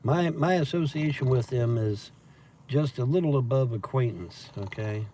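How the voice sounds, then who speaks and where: A man's voice: mid-range voice, normal speed, dark tone, a little hiss or hum. Profane rambling man. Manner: profane, meandering storytelling with laughs. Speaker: livestream host reading chat. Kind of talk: rambling casual livestream chat.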